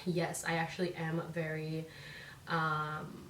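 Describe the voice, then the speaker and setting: A young woman rambles to her camera in a relaxed vlog, peppering every sentence with "like" and tossing in swear words. Her voice sits a touch low and sounds somewhat distant from the mic. The room around her is echoey, with a faint hum of ambience behind. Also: slow pace. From Northern California. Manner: chatty, heavy on "like" fillers, swears freely. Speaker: vlogger. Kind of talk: casual chat to camera.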